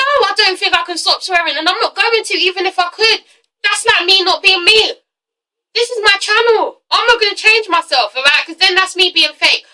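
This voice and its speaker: Sharp-voiced sassy English woman vlogger. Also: high voice, recorded from a distance, poor audio. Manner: blunt and sassy, swears freely, keeps tagging "okay?". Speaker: TV review vlogger. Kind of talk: casual ranting review.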